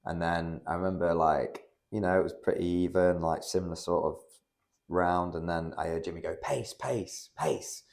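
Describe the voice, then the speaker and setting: Deep and a little mellow, the voice belongs to a young British amateur MMA fighter guesting on a podcast. He moves through a story at a normal speed with little change in pitch, rambling casually and leaning on fillers and swearing.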